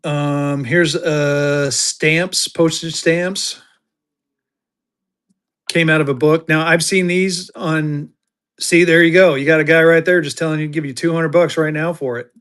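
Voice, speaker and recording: A man's voice: on the high side, fairly even intonation, measured pace, a bit bright, smooth. A man hosting a live online auction, chatty and jokey, bantering with viewers as he shows items. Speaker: livestream seller and host. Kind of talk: casual live auction selling.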